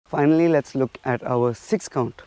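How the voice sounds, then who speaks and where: A man's voice: mid-range voice, normal speed, warm tone, clean tone, no room sound. Man teaching a stick drill, dry sound. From India. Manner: counting strikes aloud while demonstrating. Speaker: martial arts instructor.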